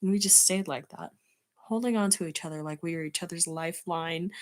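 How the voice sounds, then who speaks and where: A woman's voice: lowish voice, a little fast. Giggly woman reading fan fiction aloud. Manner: giggly, breaks off to comment. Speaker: streamer.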